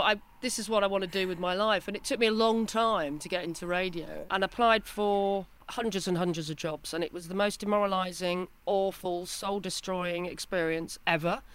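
A woman in her fifties, a broadcaster telling stories as an interview guest in a lively, self-deprecating way. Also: on the low side. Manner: animated, self-deprecating storytelling. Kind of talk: casual interview chat.

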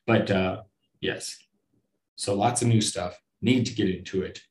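A man's voice: low voice, steady tone, a little slow, slight background noise. A man hosting a casual solo podcast, rambling and self-deprecating, swearing often and restarting his sentences. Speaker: podcast host.

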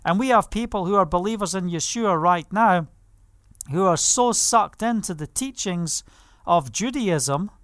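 A man's voice: high-pitched, a bit bright, no echo. A man preaching a sermon, reading scripture aloud and stressing points with frequent hallelujahs. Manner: emphatic, punctuates with hallelujah.

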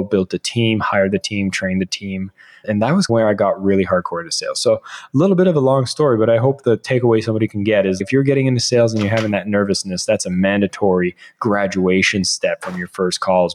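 A man in his thirties talks as a podcast guest in a fairly low voice. He tells stories casually and with energy. When he repeats what other people said, he acts out their lines. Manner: animated, acts out quoted dialogue. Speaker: podcast guest, sales author. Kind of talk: casual interview storytelling.

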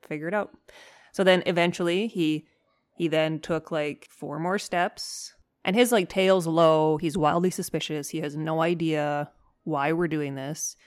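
A woman with a lowish voice tells stories as the host of a dog-training podcast. She is animated and candid, swears freely, and acts out her own lines as she goes. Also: measured pace. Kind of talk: casual storytelling monologue.

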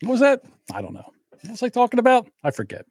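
A man's voice: extremely high pitch, wildly swooping pitch, fast talker, darkish tone, husky, no room sound, clean studio sound. A man co-hosting a podcast in casual political chat, blunt and joking, rambling with restarts. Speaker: podcast co-host.

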